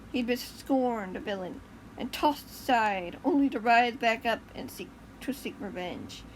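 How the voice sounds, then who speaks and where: Woman, story reading, casual and chatty, fixes slips, higher voice, faint background hiss. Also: poor audio. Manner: chatty, corrects slips aloud, laughs at asides. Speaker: YouTuber reading her own story.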